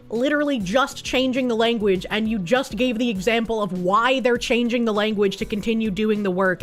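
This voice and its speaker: A woman's voice: on the high side, normal speed, hardly any pauses, soft background music. A woman with a Boston accent, a streamer reading donation messages in casual chat with sarcastic, laughing asides. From United States.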